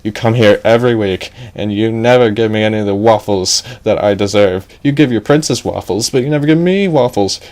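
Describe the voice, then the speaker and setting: A man's voice: lowish voice, brisk, hardly any pauses, a little mellow, close to an everyday voice. A man doing a whiny waffle-begging door. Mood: whiny pleading. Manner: pleading, whiny. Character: whiny hungry talking door, male.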